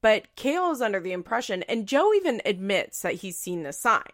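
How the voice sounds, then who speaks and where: A woman's voice: medium pitch, very animated, brisk. A woman giving casual, opinionated commentary as she recaps a reality TV show, with a chatty manner full of "like" and the odd swear word. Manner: chatty and opinionated, heavy use of "like", occasional swearing.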